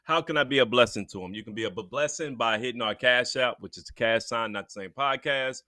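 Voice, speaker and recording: A man's voice: medium pitch, quick pace, sharp tone, dry recording. A man co-hosting a casual sports podcast, easygoing and joking as he chimes in. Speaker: podcast co-host.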